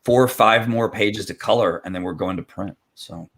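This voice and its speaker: A man chatting excitedly on a video call with friends, laughing often and telling stories in a quick, rambling way. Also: on the low side, husky. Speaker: comic creator. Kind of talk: casual group chat on a live stream.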